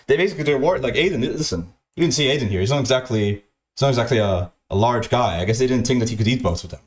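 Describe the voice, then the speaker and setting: A man's voice: mid-range voice, racing. Rambling man telling a profane story. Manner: repetitive, profane, restarts often, mimics others. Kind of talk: rambling anecdote.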